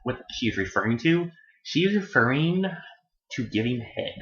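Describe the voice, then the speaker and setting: In this meandering anime review, the man keeps correcting himself, swears as he goes and puts on shrill voices for the characters. His intonation is lively, his tone fairly bright and his speed normal. It's recorded in an echoey room with dull, lo-fi audio.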